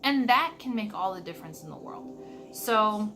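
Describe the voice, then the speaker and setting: A woman talking earnestly to her camera in a reflective vlog, stressing words by slowing down. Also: mid-range voice, expressive, a bit bright, slight background noise. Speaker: vlogger.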